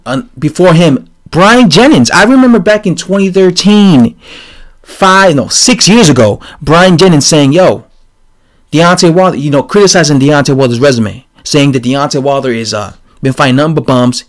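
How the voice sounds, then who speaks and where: A man giving a casual, rambling opinion rant on his channel, animated and full of fillers and restarts. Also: a little high, moderate pace. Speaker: boxing commentator vlogger.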